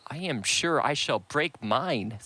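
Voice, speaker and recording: A man reads a giddy, spoiled teenage girl who whines and pleads. The tone is bright and forward. It is a dry, close audiobook read. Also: medium pitch, lively intonation, slow pace, dry recording, pitched above the performer's own voice, heavily acted. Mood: plaintive.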